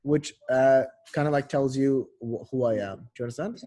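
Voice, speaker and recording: A man tutors in an easy, offhand way. His voice is mellow and a little husky. He leans on fillers like "like" and "um" and often restarts his sentences while he explains. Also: mid-range voice, fairly even intonation, a little fast. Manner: loose, filler-heavy explaining with frequent self-corrections. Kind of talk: casual online tutoring.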